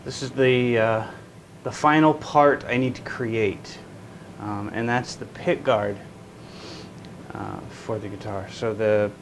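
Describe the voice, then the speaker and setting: This man's voice sits lowish, steady and slow as he hosts his workshop channel, a guitar builder rambling and restarting often. He entertains himself by putting on a silly invented accent in the woodworking shop. Recording quality is poor, with some hiss or hum.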